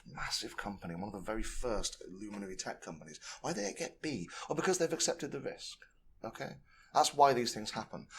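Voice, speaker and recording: A man's voice: mid-range voice, a little hiss or hum. A man giving a conference talk, casual and rambling, full of fillers and tag questions. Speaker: conference speaker. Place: conference room.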